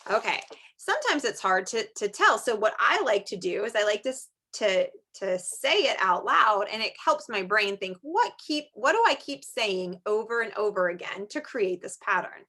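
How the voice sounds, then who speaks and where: A woman teaching an online pre-K lesson, talking to small children in an animated, sing-song teacher voice and slowing down to clap out words. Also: mid-range voice.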